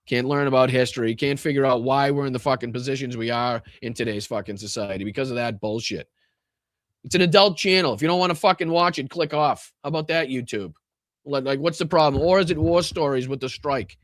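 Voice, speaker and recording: A man hosting a live political podcast, ranting angrily and swearing, swinging between loud outbursts and low muttering, with a Boston accent. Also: fairly quick, dry recording, studio quality. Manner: profane, exasperated, swings from shouting to muttering. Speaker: podcast host. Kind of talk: angry livestream rant.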